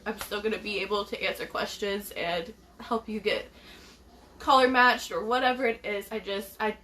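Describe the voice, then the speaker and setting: A woman's voice: medium pitch, fairly bright tone, slight background noise. A young woman vlogging to her followers about her pregnancy, emotional and rambling, with many restarts and laughs. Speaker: beauty vlogger. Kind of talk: casual vlog to followers.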